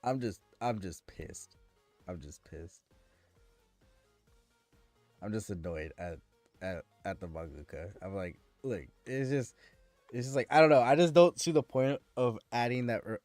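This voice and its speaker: A man's voice: medium pitch, darkish tone, no room sound. A man streaming and chatting casually with viewers, ranting in an exasperated way and often restarting his sentences.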